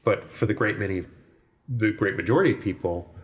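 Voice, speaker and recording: Deep-voiced man, thoughtful and searching. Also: brisk. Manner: thoughtful, searching phrasing with self-corrections. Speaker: guest author. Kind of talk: reflective interview talk.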